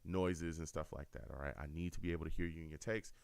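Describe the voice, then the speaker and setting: A man's voice: rumbling low, fast, vocal fry, dry recording. A man hosting a fan call-in radio show, talking casually and repeating himself as he speaks straight to listeners. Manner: animated, repetitive, addresses listeners directly.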